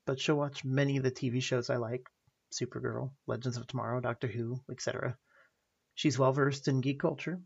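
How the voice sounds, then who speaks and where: A man's voice: mid-range voice, creaky, slightly rough, highs cut off. A man in his thirties hosting a personal podcast, telling stories earnestly with light self-deprecating humor. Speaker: podcast host.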